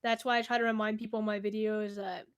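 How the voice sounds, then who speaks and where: Talking to camera in a relaxed Q&A, this young woman has a mid-range, clear, resonant voice that stays fairly flat in pitch and moves quickly. She's answering viewer questions at home with a cat close by, frank and talkative, frequently laughing and trailing off.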